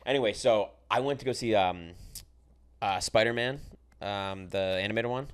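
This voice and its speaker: A young adult man hosting a casual podcast chat, telling animated stories with lots of swearing and restarts. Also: on the low side, moderate pace, smooth. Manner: animated storytelling, heavy swearing, many restarts. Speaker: host.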